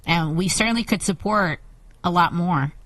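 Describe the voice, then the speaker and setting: A woman's voice: fairly low pitch, moderate pace, a bit bright, no echo. Brief: woman, podcast co-host, thoughtful policy talk with wry humor, dead-dry sound. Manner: earnest, wry, laughs easily. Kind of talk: casual chat.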